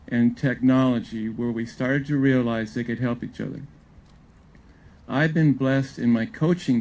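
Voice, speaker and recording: An older man, a former pitching coach, telling folksy and humorous stories to an audience at a live event on a wireless mic. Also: mellow, poor audio. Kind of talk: storytelling talk at a live event. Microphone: clip-on or wireless event mic.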